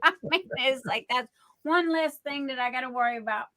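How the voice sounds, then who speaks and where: A middle-aged woman hosting a casual livestream, telling stories in a rambling, excitable way. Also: high voice, brisk. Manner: rambling, excitable, chatty storytelling. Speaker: livestream host.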